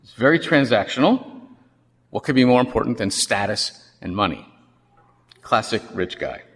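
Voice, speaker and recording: A man preaching a sermon in a church, telling a story with wry, animated asides. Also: on the low side, normal speed. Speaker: pastor. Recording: long reverb of a church hall.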